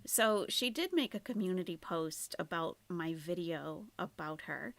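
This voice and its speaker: A woman's voice: on the low side, measured pace, creaky, fairly bright tone. A woman doing casual live-stream commentary, chatty and trailing off, sometimes dropping to near-whispers. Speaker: commentary streamer reacting to a video.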